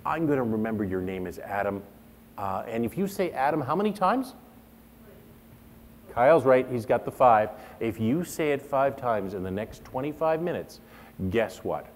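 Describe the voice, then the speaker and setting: A middle-aged man leading an interactive workshop, talking to the room in an animated way and acting out the remarks he quotes. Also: medium pitch. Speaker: workshop presenter.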